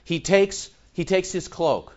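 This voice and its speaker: A man's voice: high voice, takes it slowly, highs cut off. A man preaching a sermon to his congregation. He asks rhetorical questions and repeats phrases for emphasis. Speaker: pastor.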